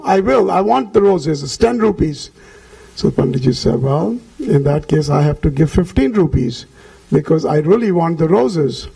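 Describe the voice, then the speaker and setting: A man's voice: a little high, gravelly, mellow, slightly rough, low-quality recording. A man telling a devotional story in a talk, acting out the characters' lines as he goes. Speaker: temple speaker.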